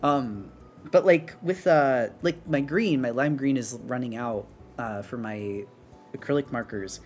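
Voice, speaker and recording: This is a streamer chatting casually while drawing, rambling and restarting often. The voice sits in a middle pitch. Soft music plays faintly behind. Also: a little slow. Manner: rambling, many fillers and restarts. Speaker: art streamer. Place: apartment on an upper floor.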